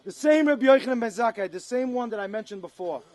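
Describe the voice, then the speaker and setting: A man giving an impassioned fundraising speech to an audience, building up to shouted appeals. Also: extremely high pitch, lively intonation, quick pace. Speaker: speaker at a charity fundraiser. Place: event room with an audience. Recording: echoey hall.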